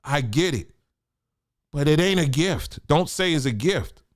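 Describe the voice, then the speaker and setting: Joking, lively-voiced man riffing casually. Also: on the high side, a little slow, dry recording, clean studio sound. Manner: laid-back, joking, lots of asides and fillers. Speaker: podcast host. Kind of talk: casual commentary monologue.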